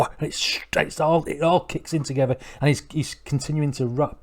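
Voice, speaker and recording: A man's voice: medium pitch, a little fast, few pauses. A middle-aged man hosts a music reaction video. He rambles and keeps correcting himself as he gets worked up about a song. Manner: rambling, self-correcting, excitable. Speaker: music reaction channel host. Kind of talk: casual reaction commentary.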